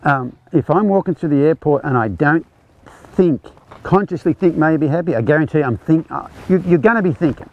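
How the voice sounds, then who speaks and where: A man's voice: on the high side, lively intonation, fairly quick, lo-fi sound. A man teaching a horsemanship clinic, explaining conversationally as he demonstrates groundwork with a horse. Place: outdoor ranch arena.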